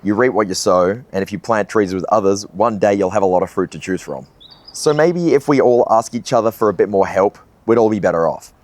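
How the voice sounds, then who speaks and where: A young man with a fairly low voice talks to his viewers in a relaxed, conversational way. His tone is earnest and reflective, and he sometimes drops in a casual swear word. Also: fairly quick. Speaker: video essayist. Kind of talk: reflective vlog monologue.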